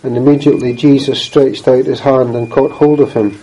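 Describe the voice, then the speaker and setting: A man reading scripture aloud and then preaching, in a measured, earnest way, often clearing his throat. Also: medium pitch, fairly even intonation, mellow, rough recording.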